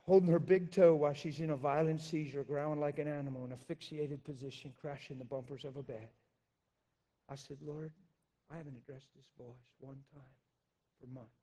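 A man preaching a personal testimony, emphatic and intense, swinging from loud declarations down to hushed, quiet recounting. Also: fairly high pitch, steady tone, moderate pace. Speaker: pastor. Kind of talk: sermon testimony.

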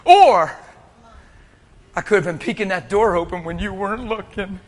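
A man preaching a sermon, telling a story with animated bursts of shouting and laughter. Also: sits high, moderate pace.

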